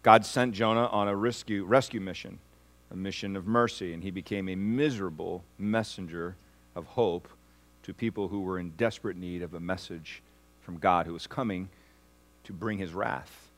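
A man preaching a sermon as pastor, asking the congregation for responses and swinging from hushed, slow lines to loud, rising ones. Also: deep voice.

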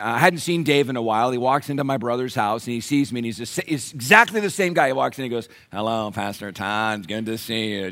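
A pastor preaching a sermon in church, animated, asking the congregation questions. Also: male voice, medium pitch.

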